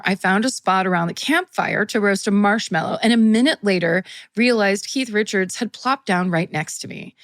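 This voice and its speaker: A woman's voice: mid-range voice, no echo. A woman co-hosting a podcast, reading a listener's story aloud with frequent laughter and chatty asides. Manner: laughs often while reading, animated. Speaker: podcast co-host.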